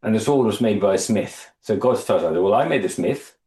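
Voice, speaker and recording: Low-voiced man teaching a Bible study. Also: animated, warm tone. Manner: thoughtful, halting restarts, reads scripture aloud and quizzes listeners. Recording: echoey room.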